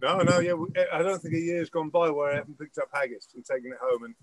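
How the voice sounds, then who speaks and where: A man's voice: a little high, flat delivery, fast talker, background noise. An older man hosting a casual cookalong, telling stories while he cooks. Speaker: celebrity cook host. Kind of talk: casual chat while cooking.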